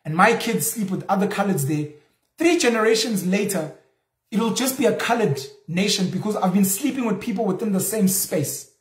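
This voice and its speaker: A young South African man hosting his own show, giving a casual, animated monologue and acting out imagined back-and-forth dialogue. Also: sits high, reverberant. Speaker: show host. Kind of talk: casual monologue on culture and religion.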